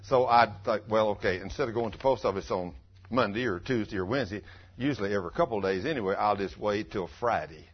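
An older man preaching a folksy sermon full of homespun stories, acting out quotes loudly. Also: on the low side, fast, slightly rough. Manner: homespun, animated, breaks into loud acted quotes. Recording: dull lo-fi sound.

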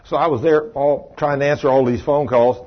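A man's voice: mid-range voice, steady tone, a little fast, lo-fi sound. A man preaching a folksy televised sermon, acting out the voices of people he quotes.

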